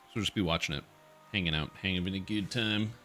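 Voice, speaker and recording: Bright-voiced casual streamer man. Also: deep voice, fast talker, slight background noise. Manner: rambling, chuckles often, talks to his cat. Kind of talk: casual live-stream chat.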